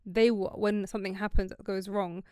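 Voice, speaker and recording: A woman's voice: medium pitch, level tone, normal speed, mellow, smooth, no room sound, clean studio sound. A woman, talking earnestly and reflectively in a podcast conversation.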